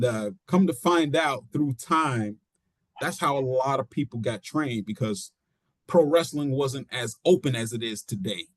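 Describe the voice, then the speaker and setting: A middle-aged man, a pro wrestler being interviewed, telling his story casually and acting out quotes in an animated way. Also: mid-range voice, no room sound. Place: studio.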